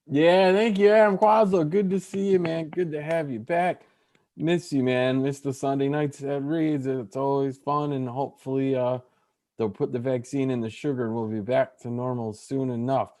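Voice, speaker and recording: A man hosting a comedy show over a video call, introducing comics in an upbeat, hurried way. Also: medium pitch, steady tone, darkish tone. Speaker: show host.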